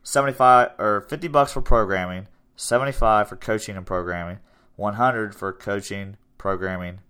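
A man's voice: on the low side, normal speed, fairly bright tone, clear, resonant tone. A young man in his twenties, hosting a casual podcast chat about his gym, rambling and upbeat. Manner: rambling, upbeat, self-promoting. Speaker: podcast host and gym owner.

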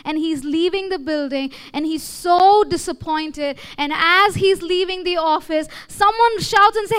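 Speaking in an extremely high, fairly bright voice, a young Indian English-accented woman delivers a sermon at an unhurried pace with few pauses. She keeps it conversational, frequently asking her audience "okay?" or "all right?".

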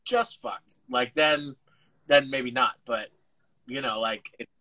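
A man's voice: medium pitch, slow, pushed and bright, rough recording. A man, an actor guest, chatting casually over a video call, rambling and restarting his sentences, with the odd casual swear. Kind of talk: casual interview chat.

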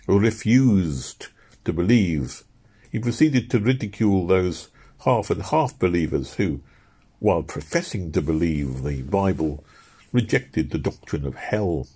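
A man narrating an audiobook in a measured, expressive storytelling manner. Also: low voice, breathy edge.

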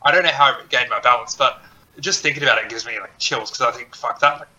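Aussie guy cohosting a podcast, really bright tense voice, swears a lot, pokes fun at himself. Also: mid-range voice, fast, dull audio. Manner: animated, swears freely, self-deprecating storyteller. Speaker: podcast co-host. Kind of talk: casual chat.

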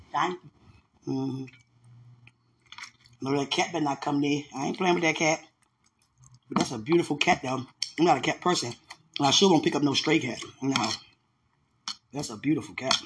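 Earnest and religious, a man chats with his viewers during a casual cooking livestream in his home kitchen, rambling and often laughing. His voice is a little high and a bit bright, at a moderate pace with frequent pauses, and the kitchen sounds roomy and echoey with faint dish clatter.

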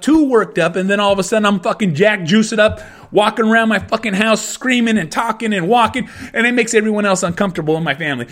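A middle-aged man with a high-pitched voice rants on his own podcast. He is angry and swears in nearly every sentence, circling back to the same complaints again and again. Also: fairly bright tone. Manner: angry, swearing constantly, repeating himself. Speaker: podcast host. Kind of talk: profane solo rant.

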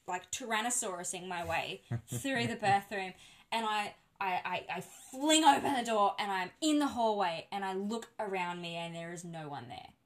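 A woman casually telling a birth story on a podcast, animated and laughing often. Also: mid-range voice, moderate pace.

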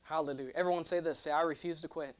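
A young man preaching a sermon, animated and joking, drawing responses from his congregation. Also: fairly high pitch, very fast. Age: 20s. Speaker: pastor.

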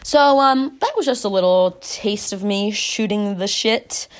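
A young woman in casual vlog mode, chatty and unfiltered, with "like" in every other phrase and a swear here and there. She slips into quick little voices for the people in her story. Her pitch sits in the middle for a woman. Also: a little hiss or hum. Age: young adult. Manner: chatty and candid, peppered with "like" and swearing; acts out quoted voices in the retelling. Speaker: vlogger.

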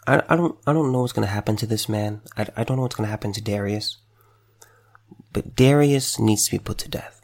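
Man, choked-up commentator, gravelly and husky, stumbling over his words. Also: lowish voice. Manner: halting and stammering, with many repeated words. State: choked up, fighting back tears. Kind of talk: emotional direct-to-camera commentary.

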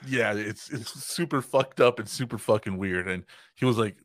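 A man's voice: on the low side, moderate pace, a bit bright, dry recording, studio quality. A man in his twenties telling a story on a podcast, laughing often, swearing freely and acting out what other people said. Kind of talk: casual storytelling chat.

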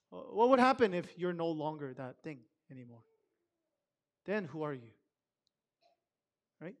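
A man with a high-pitched voice addresses a church congregation over a microphone. His delivery is loose and chatty, full of filler words. He keeps turning to his listeners with direct questions. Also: unhurried, pauses often. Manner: conversational, asks the audience many questions. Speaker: speaker at a Sabbath service. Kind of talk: casual talk to a congregation. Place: church service.

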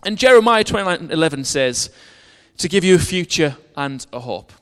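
A man delivers a sermon, weaving a personal story around scripture readings in an earnest way and often restarting his phrases. His voice sits a little high for a man. The long reverb of a hall trails behind every line. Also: expressive, moderate pace, clear, resonant tone. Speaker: preacher.

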